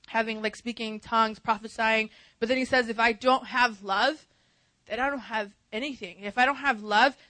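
A young woman preaching at a church service, animated and talking straight to the congregation with frequent "right?" and "amen?". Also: on the high side, dry recording, rough recording. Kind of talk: sermon.

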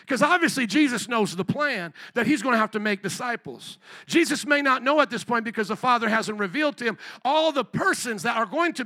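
High-voiced man preaching conversationally. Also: no room sound. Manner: conversational, acts out quoted voices, builds up to shouts. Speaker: pastor. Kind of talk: sermon. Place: church service.

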